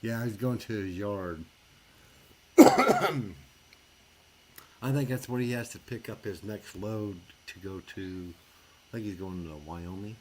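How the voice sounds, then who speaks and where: Man, very deep voice, easygoing, plain-spoken, faint hiss behind. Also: measured pace, darkish tone. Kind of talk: casual chat.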